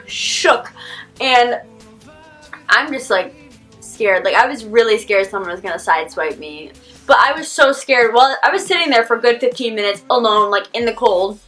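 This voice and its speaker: Teen girl vlogging a storytime, high bright voice, says like a lot, faint music under it. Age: teens. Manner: animated, rambling, heavy use of "like". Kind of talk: casual storytime vlog.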